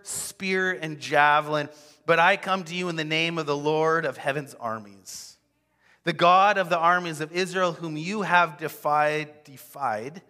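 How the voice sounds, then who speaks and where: A man preaching a sermon, telling a scripture story with expressive acted-out quotes. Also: fairly high pitch. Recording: long hall reverb.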